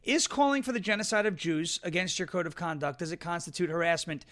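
Male live-stream host: high, bright, brash, mocking, restless topic-hopper. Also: quick pace. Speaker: show host. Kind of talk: live political commentary stream.

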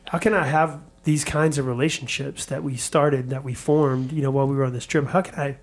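A man hosting a church podcast, talking in a reflective, halting way with many restarts. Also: medium pitch, fairly even intonation. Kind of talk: casual chat.

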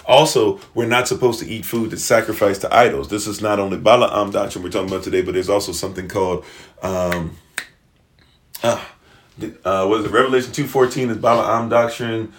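A man's voice: on the low side, fairly even intonation, fairly quick, slight background noise. A man preaching in a casual, slangy way, retelling a scripture story and acting out its characters.

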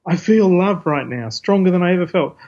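A man's voice: sits high, lively intonation, fairly quick, darkish tone, voice pushed up. A man reading out a comic book line as a robot-bodied male hero who blurts out a confession of love, in a slightly raised voice over a dull, lo-fi recording. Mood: earnest.

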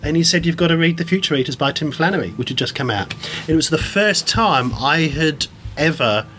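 Enthusiastic male guest, fairly high voice, lively storyteller, faint hiss behind. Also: a little fast. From England. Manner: animated, enthusiastic, many restarts. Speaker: guest, science communicator and performer. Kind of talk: casual storytelling interview.

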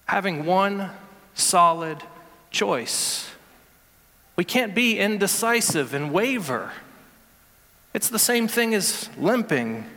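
A man preaching a sermon as pastor, animated and building to emphatic peaks. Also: high voice, slow, pauses often, big-room sound.

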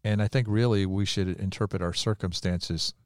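A man's voice: fairly low pitch, steady tone, moderate pace, darkish tone, dry recording, studio quality. A man, a pastor, in a conversational faith talk, telling stories in an earnest, confessional way. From United States.

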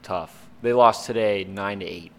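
A man's voice: fairly low pitch, a little slow, crowd noise. A man hosting a casual sports podcast, upbeat, loose and chatty. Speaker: podcast host.

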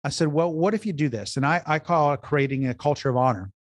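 This business consultant talks fast in a fairly high voice. As a guest on an interview podcast, he tells stories earnestly and conversationally, repeating himself and restarting his sentences along the way.

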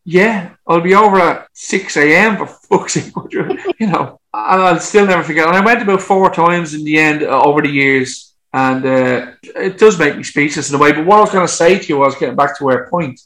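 Lively, swearing man telling stories. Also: a little high, poor audio. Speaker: musician guest. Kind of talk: casual anecdotal storytelling.

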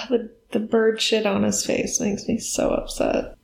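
Woman, casual movie riffing, sarcastic and deadpan, roomy echo. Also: mid-range voice, unhurried, vocal fry, a little hiss or hum. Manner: dry, sarcastic, swears casually. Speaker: movie watch-along commentator. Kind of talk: casual chat over a movie.

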